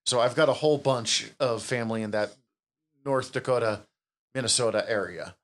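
A man's voice: mid-range voice, normal speed, fairly bright tone. A man hosts a casual podcast chat, talking loosely and laughing easily. He swears freely and tells stories with relish. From Upper Midwest of the United States. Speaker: podcast host.

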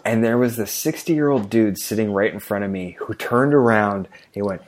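A man's voice: on the low side, normal speed. A man chatting casually on a podcast, ranting and swearing freely about movies. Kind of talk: casual chat.

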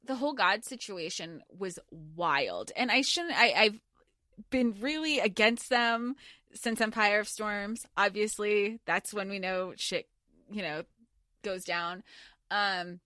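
A woman's voice: mid-range voice, unhurried, no room sound, studio quality. A woman co-hosting a podcast, talking casually and animatedly about a book, swearing freely and filling with likes and you knows. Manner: animated, swears freely, lots of filler words. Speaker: podcast co-host.

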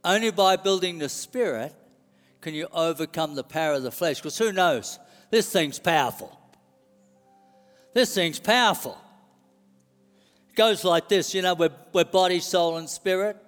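A man's voice: high voice, measured pace, pauses often, in a large hall, faint music behind. A man preaching a sermon, telling it like a story and repeating key lines. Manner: animated storytelling, repeats phrases.

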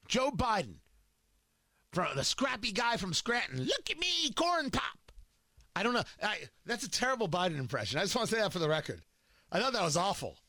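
A man's voice: sits high, big pitch swings, fast, pushed and bright, dry recording, clean studio sound. A man hosting political commentary, combative and emphatic, firing off rhetorical questions and repeating points for effect.

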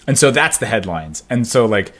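A man's voice: lowish voice, animated, normal speed, fairly bright tone. A man co-hosting a podcast in casual chat, rambling and laughing as he talks. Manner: rambling, laughs often, trails off. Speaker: podcast co-host.

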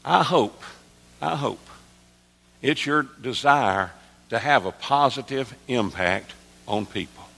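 A man in his sixties, a pastor, preaching an earnest sermon that drops soft and low, then rises to emphatic calls. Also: lively intonation, takes it slowly, vocal fry, long pauses. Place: church sanctuary. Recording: long reverb of a large hall.

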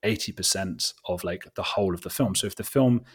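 A man's voice: low-pitched, a little fast, breathy edge. A man from England with an English accent, telling a long anecdote as an interview guest, full of fillers, asides and quoted remarks. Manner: animated, self-deprecating, many fillers and quoted asides. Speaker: documentary filmmaker, guest. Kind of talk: casual interview storytelling.

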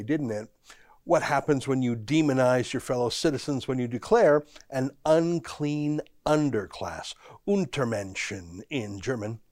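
A man's voice: medium pitch, a little mellow, no echo. A male podcast host gives a pointed political monologue. He leans on rhetorical questions and emphasis. His voice sits in a middle register, and the recording is close and dry.

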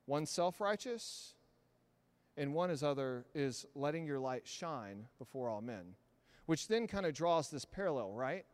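A man preaching a sermon in an animated, conversational storytelling manner. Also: a little high, long reverb tail. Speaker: pastor.

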